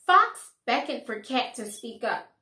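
A woman teacher reads a children's story aloud with expressive storytelling. Her voice is bright and a little high. The recording is roomy, with a clear echo. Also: unhurried. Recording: echoey room.

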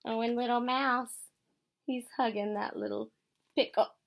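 An American woman teacher reading a picture book aloud to children, gently explaining words as she goes. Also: a little high, fairly even intonation, measured pace, vocal fry. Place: school.

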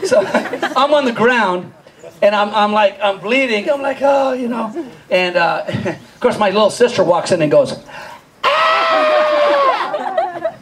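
A man doing live stand-up storytelling, animated, laughing often and acting out scenes while quizzing the crowd. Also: high voice, normal speed, rough recording. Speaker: stand-up comedian.

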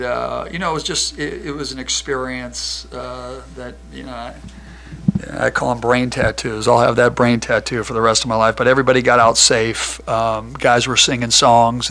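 A man, a basketball head coach at a postgame press conference, telling a story with many fillers and loud acted-out quotes. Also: medium pitch, gravelly. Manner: animated storyteller, acts out quotes loudly.

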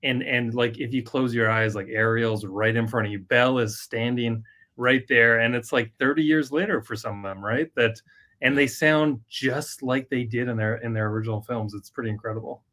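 A man's voice: mid-range voice, fairly even intonation, normal speed, pushed and bright. A man being interviewed as a director, telling stories in a friendly, upbeat way. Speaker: guest, animation director. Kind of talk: casual interview.

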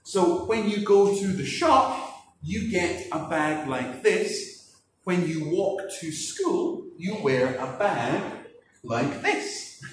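A man teaching children English words, slowly enunciating and spelling letters out in a playful way, laughing and adding sound effects. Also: high-pitched, expressive, a little hiss or hum. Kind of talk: children's vocabulary and spelling lesson. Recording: echoey room, distant mic.

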